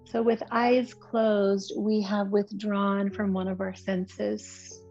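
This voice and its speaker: A woman yoga teacher giving slow, soothing, gentle cues through relaxation and breathing. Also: medium pitch, level tone. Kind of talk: guided yoga and relaxation instruction. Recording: slightly muffled recording with soft instrumental music.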